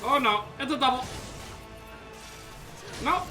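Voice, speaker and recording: A man streaming a video game, giving excitable casual commentary and chatting with his viewers. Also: extremely high pitch, takes it slowly, soft background music. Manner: excitable, talks to chat viewers.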